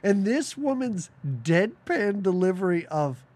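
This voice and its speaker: A man co-hosting a podcast, chatting casually about a film with animated, sarcastic asides and frequent laughter. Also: sits high, unhurried. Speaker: podcast co-host. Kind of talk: casual movie-review chat.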